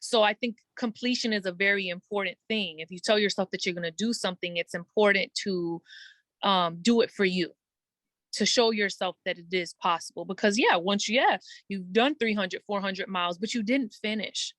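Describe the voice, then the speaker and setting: A woman guest in a casual interview, telling her story earnestly and quickly, acting out her own thoughts and using many "like" fillers. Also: medium pitch, fairly bright tone, dry recording. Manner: earnest, fast storytelling with quoted self-talk and many "like" fillers. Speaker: guest entertainer.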